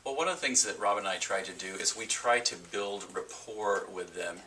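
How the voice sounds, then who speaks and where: A man's voice: on the low side, normal speed, bright, forceful tone, distant mic, a little hiss or hum. A man hosting a casual chat about real estate, joking and teasing his co-host. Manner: jokey, teasing.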